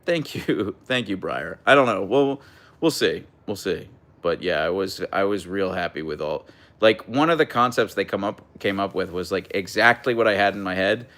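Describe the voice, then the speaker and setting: Chatty man with a low, lively voice. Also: normal speed. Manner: chatty, relaxed, reads viewer comments aloud. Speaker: livestream host reading chat. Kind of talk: casual live chat.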